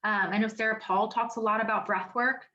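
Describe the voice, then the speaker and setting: A woman's voice: medium pitch, steady tone, brisk, pushed and bright, lo-fi sound. A woman giving a casual wellness seminar from her home office, chatty and emphatic, with many fillers. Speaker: wellness educator.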